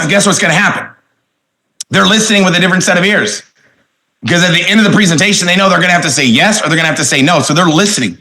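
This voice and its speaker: A middle-aged man giving a motivational sales training talk, energetic and punchy, repeating his key phrases. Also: fairly high pitch.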